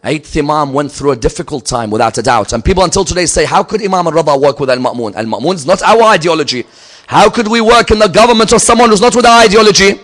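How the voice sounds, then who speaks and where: A man giving a religious lecture, telling a story and swinging from loud emphatic peaks to low, quiet asides. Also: animated, quick pace. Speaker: Islamic lecturer.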